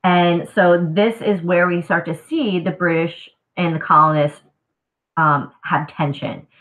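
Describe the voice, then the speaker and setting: Woman teacher, low register, slightly scratchy throat, casual live review; tinny phone-like audio. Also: steady tone, measured pace. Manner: casual, conversational explaining. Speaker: history teacher. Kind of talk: live exam review lesson.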